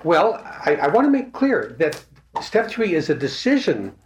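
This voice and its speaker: Halting man in an echoey room. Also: a little high, very animated. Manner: hesitant, many fillers and restarts. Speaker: speaker at a recovery meeting. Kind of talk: casual talk to a group. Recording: echoey room, faint noise.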